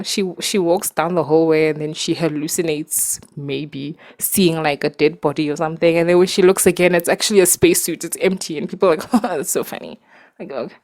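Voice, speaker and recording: A woman talking casually about books to her viewers, animated and exasperated, with lots of fillers and laughs, recorded in a dark room at night. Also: fairly low pitch. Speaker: booktuber. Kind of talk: casual ranting book review.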